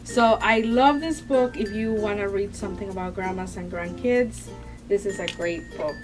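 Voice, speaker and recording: A woman's voice: medium pitch, normal speed, music in the background, rough recording. A woman guest chatting casually and enthusiastically about children's picture books, laughing often. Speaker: guest book reviewer.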